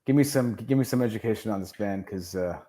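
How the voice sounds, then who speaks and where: A man co-hosting a podcast, laid-back and casual, chiming in with quick agreement and short stories. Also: fairly low pitch, mellow. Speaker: podcast co-host. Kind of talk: casual chat.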